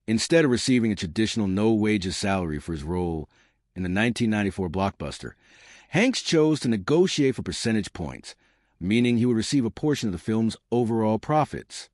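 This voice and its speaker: A man's voice: on the low side, dry recording, clean studio sound. A man reading scripted narration for a countdown list video.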